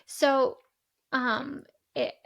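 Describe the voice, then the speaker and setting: Woman co-host, higher pitch, animated plot recap, dry close mic. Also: very slow, gravelly, no room sound. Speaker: podcast co-host. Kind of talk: casual book-discussion chat.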